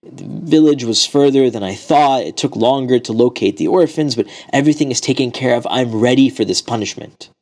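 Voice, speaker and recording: A man's voice: mid-range voice, a little fast, few pauses, darkish tone, voice pushed up, natural voice. A man voicing an honest young man who owns up to a killing and pleads earnestly for time. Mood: apologetic. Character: remorseful honest young man facing execution.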